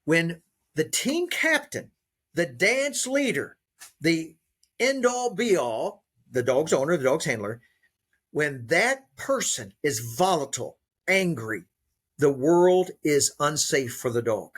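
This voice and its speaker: A man's voice: on the high side, sing-song, takes it slowly, fairly bright tone, breathy edge. A man, a dog trainer and author, speaking as a guest in a podcast interview, stressing and repeating key words like a coach. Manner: coaching, teacherly.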